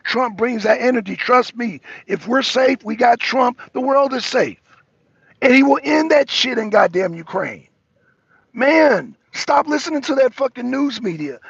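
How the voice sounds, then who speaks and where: Brief: American male talk show host, very high gravelly voice, dry close mic, heated repetitive political rant. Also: a bit bright, dry recording, highs cut off. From United States. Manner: profane, repetitive, raising his voice. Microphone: streaming microphone.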